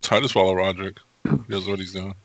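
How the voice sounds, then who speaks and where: A man's voice: low-pitched, level tone, fast, fairly bright tone, no echo, low-quality recording. A man playing a tabletop game, laid-back and a little hesitant. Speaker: player.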